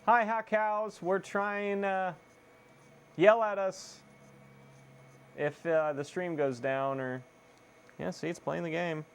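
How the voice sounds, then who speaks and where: A young man with a slightly high, gravelly voice talks live to his viewers as he tinkers with old hardware. He is excitable and swears easily, in loose, casual stream chat. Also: slow, long pauses. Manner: excitable, swears, self-deprecating laughs. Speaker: streamer repairing consoles.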